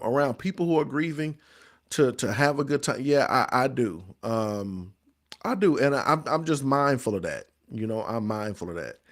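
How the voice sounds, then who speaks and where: Hosting a grief support show live-streamed to viewers, this man has a mid-range, fairly bright voice. He reads comments from the audience and responds emphatically, preacher-style, repeating himself.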